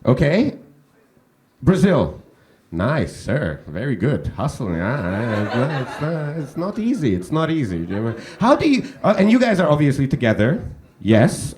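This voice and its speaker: A man's voice: mid-range voice, darkish tone. A man doing stand-up crowd work on a comedy club stage, teasing the audience with chatty questions into a handheld mic.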